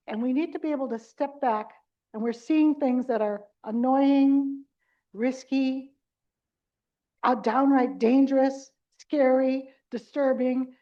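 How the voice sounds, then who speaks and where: Lively high-voiced woman trainer, lo-fi recording. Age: middle-aged. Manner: lively, chatty, acts out caregiver scenes with audience interaction. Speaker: dementia care trainer. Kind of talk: live conference workshop talk. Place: conference room before a live audience.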